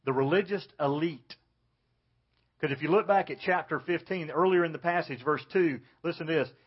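Man preaching, husky voice, fairly high pitch, earnest, dull lo-fi recording. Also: moderate pace. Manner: earnest preaching, dropping low and soft for emphasis. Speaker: pastor. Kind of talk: sermon.

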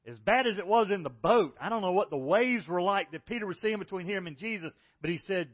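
Male pastor, fairly high voice, storytelling sermon with big volume swings; slightly dull recording. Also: animated, brisk, hardly any pauses, husky. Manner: storytelling, swings between loud and hushed.

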